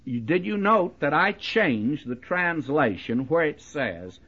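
A man's voice: a little high, very animated, slow pace, hardly any pauses, fairly bright tone, breathy edge. A man preaching a verse-by-verse Bible teaching, talking straight to his listeners and hitting key words hard. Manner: conversational, addresses listeners directly with "you see" and "my friend"; emphatic, leans into key words. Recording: dull lo-fi recording.

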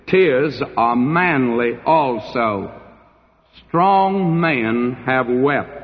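A man preaching a sermon as a pastor, slow and deliberate, with dramatic pauses between phrases. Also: medium pitch. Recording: dull old recording in a hall.

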